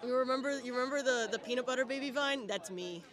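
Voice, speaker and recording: A young woman speaking candidly and haltingly about a rough day at band camp. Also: high voice, fairly bright tone. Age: young adult.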